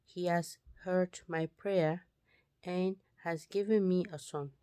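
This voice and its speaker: Woman reading a jealous childless Bible wife, slow, lowish, dry recording. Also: steady tone, mellow, smooth, dry recording. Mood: pleading.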